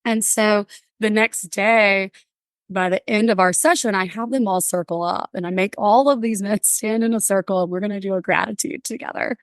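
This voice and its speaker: A woman guest on a podcast, bubbly and animated, telling stories and acting out little voices in casual interview chat. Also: medium pitch, moderate pace, no echo, studio quality. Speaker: podcast guest, workplace wellbeing speaker.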